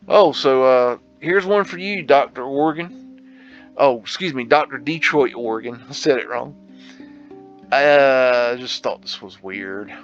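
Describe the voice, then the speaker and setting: A man talks slowly through a casual photo tour, musing aloud and tossing in slangy asides. His voice has a bright, forceful edge. The recording sounds dull and lo-fi, with faint guitar music playing underneath. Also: mid-range voice. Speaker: host.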